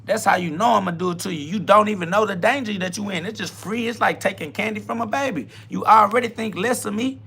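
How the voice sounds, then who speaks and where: A man hosts a self-talk podcast, firing off a profane, combative rant. His voice sits a touch high and rings bright and forceful. He taunts and jabs with blunt certainty. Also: quick pace, creaky, hardly any pauses, husky. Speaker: podcast host.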